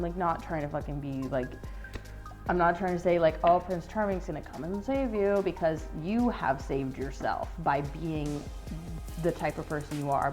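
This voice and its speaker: A woman's voice: low-pitched, a little mellow. A woman giving a casual tarot reading to viewers, rambling and earnest, full of "like" and casual swearing. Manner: earnest and emotional. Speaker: tarot reader.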